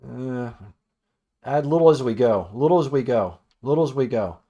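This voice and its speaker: A man chats and mutters to himself as he paints, rambling from one thought to the next. He swears freely and grumbles at his own mistakes. His voice sits at an ordinary middle pitch for a man. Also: animated, normal speed, warm tone, muffled recording. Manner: rambling, profane, self-critical muttering. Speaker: toy customizer. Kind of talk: casual painting vlog. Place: cluttered workroom.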